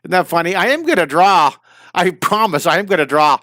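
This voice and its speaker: A man's voice: high voice, animated, fairly quick, sharp tone, no room sound, studio quality. A man in his fifties, a drawing teacher on a live stream, chatting and rambling to his viewers, tired and a little wheezy. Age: 50s. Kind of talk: casual live-stream chat.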